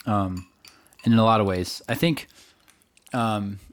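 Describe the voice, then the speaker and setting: A man co-hosting a casual podcast, easygoing and hesitant, often pausing with fillers. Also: on the low side. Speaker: podcast co-host. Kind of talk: casual chat.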